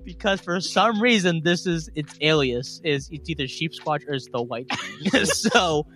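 This podcast co-host, a young man from West Virginia by his accent, reads cryptid stories unhurriedly with lively intonation. His fairly high, fairly bright voice breaks into frequent giggles, and soft music plays underneath.

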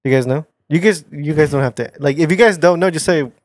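A man's voice: on the high side, fast talker, no room sound, studio quality. Laid-back man in casual podcast banter. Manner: relaxed, repeats himself, laughs easily. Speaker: podcast co-host. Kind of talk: casual chat, running a joke game.

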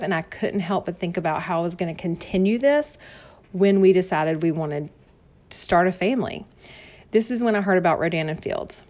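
A woman in her thirties from North Carolina with a Southern accent, hosting a podcast and telling her personal story in a chatty, friendly way that is quick to laugh, recorded in her home office. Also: fairly low pitch, a little mellow. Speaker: podcast host.

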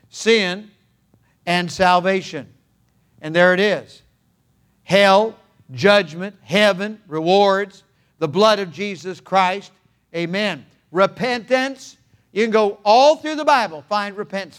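A man's voice: sits high, a bit bright. An older male pastor preaching a sermon with an emphatic, repetitive cadence.

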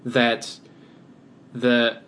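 A man's voice: medium pitch, completely flat delivery, drawn-out words, a bit bright, a little hiss or hum. Easygoing man podcast co-host. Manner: easygoing, agreeable, trails off mid-thought. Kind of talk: casual chat.

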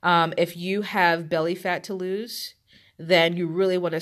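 A woman's voice: fairly low pitch, fairly even intonation, a little slow. A woman with a stuffy, congested nose giving casual health advice to her viewers, chatty and direct, with lots of fillers and restarts. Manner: direct, addresses viewers as guys and ladies. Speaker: health coach. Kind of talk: casual advice talk to camera.

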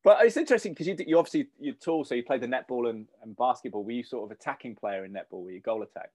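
Fast-talking man hosting a podcast. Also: medium pitch, dry recording. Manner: quick, animated, repeats words. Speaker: podcast host. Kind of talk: casual interview.

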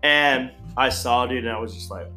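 A young man tells a long, crude story in a loose, rambling way, with "like" everywhere. His voice sits at a middling pitch. The room echoes, and soft guitar plays in the background. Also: normal speed. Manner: rambling, crude, filler-heavy with frequent "like". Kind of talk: casual storytelling.

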